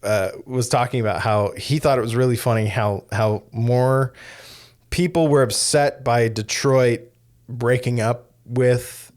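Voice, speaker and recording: A man co-hosting a podcast, talking casually about films with lots of fillers and quick tag questions. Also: mid-range voice, steady tone, a little mellow. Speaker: podcast co-host. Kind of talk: casual film discussion.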